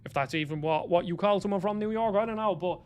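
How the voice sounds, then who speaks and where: A man's voice: high-pitched, fast, slight background noise. A young Irish man chatting casually on a live stream, rambling as he answers viewers by name. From Ireland. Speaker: streamer reading chat.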